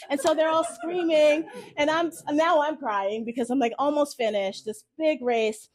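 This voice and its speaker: A woman telling a personal story live to an audience at a cafe event, expressive and often laughing as she speaks. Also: high voice, moderate pace, hardly any pauses.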